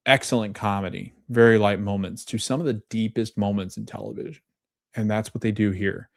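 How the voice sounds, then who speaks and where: A fairly low, gravelly male voice comes through in studio quality with no room sound. The podcast host retells scenes in casual conversation, reads quoted lines, and often corrects himself.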